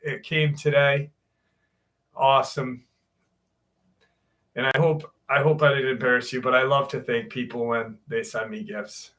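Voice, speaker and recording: Slow, laid-back man hosting a live stream. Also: mid-range voice, little pitch movement, fairly bright tone. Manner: laid-back, greets viewers one by one by name. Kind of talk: casual live stream chat.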